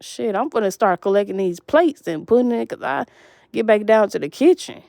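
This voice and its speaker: A woman's voice: mid-range voice, expressive, normal speed, creaky, a little mellow, dry recording, clean studio sound. A woman telling a long, rambling, profane story in an agitated monologue to camera.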